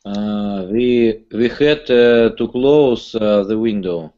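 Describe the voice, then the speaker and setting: A man student hesitantly reading an exercise sentence aloud, pausing on fillers. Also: on the low side, mellow, highs cut off.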